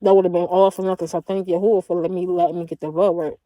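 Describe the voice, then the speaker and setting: A woman's voice: lowish voice, level tone, racing, dark tone, no echo. A woman livestreaming in a casual chat, drawling and talking back to her viewers.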